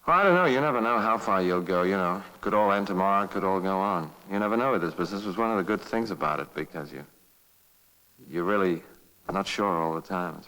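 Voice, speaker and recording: A very low-pitched English man talks in a chatty, playful manner. He is a middle-aged actor interviewed on set. The long reverb gives it the sound of a 1960s archive recording. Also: bright, forceful tone. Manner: chatty, playful, light and quick.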